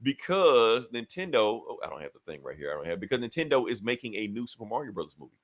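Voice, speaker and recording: Animated laughing male podcaster. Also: mid-range voice, fast. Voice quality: animated, swearing, laughs often. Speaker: podcast co-host. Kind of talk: casual chat.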